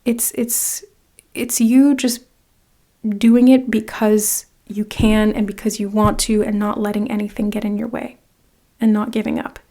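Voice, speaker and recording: Warm-voiced woman giving a tarot reading. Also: mid-range voice, flat delivery, normal speed. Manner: rambling, with many "like"s and restarts; direct second-person encouragement. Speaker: tarot card reader. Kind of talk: casual pick-a-card reading to the viewer.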